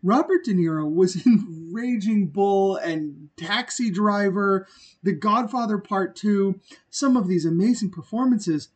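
A man with a notably high-pitched voice trades casual, profane movie opinions as a podcast co-host. He talks bluntly and with plenty of enthusiasm. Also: measured pace, a little mellow, breathy edge. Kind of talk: casual movie-review chat.

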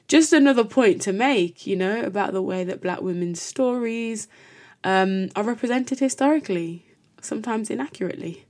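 A woman hosting a podcast, giving a reflective educational monologue in an earnest, measured way with frequent ums. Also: lowish voice, darkish tone. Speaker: podcast host.

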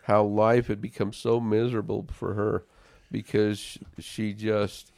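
A man's voice: lowish voice, level tone, measured pace, creaky, darkish tone, dry recording, studio quality. A man in a casual faith discussion, telling a personal story in an earnest way and often repeating words as he starts a sentence.

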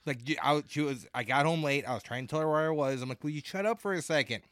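A man co-hosting a podcast, throwing in quick joking asides. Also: on the high side, fairly bright tone, no room sound. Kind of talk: casual chat.

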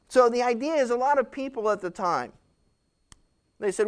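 Male pastor, high and clear, emphatic teaching style. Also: lively intonation, a little fast. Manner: conversational, emphatic, acts out quoted voices. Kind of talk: expository Bible teaching.

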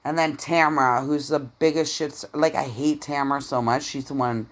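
A woman's voice: very deep voice, fairly even intonation, normal speed. A woman co-hosting a podcast in casual chat, gossiping bluntly about reality TV and swearing freely. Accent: Canadian. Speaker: podcast co-host.

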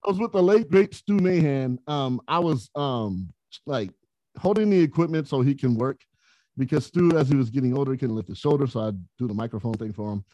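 A man, a podcast guest, telling stories in a casual, animated way, often laughing as he talks. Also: mid-range voice, brisk, dry recording. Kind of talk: casual storytelling.

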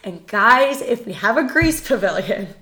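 A woman co-hosting a casual podcast chat, animated and rambling with lots of fillers. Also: fairly high pitch, moderate pace. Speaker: podcast co-host.

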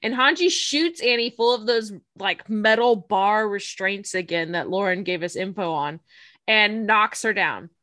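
A woman's voice: mid-range voice, unhurried, pushed and bright, no room sound. A young woman co-hosting a casual podcast, recapping an episode from her notes and laughing often. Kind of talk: casual chat.

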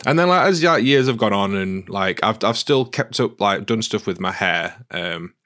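A man's voice: fairly low pitch, lively intonation, moderate pace, a bit bright. A man co-hosting a casual podcast, telling stories in a chatty, self-deprecating way. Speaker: podcast co-host. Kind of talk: casual chat.

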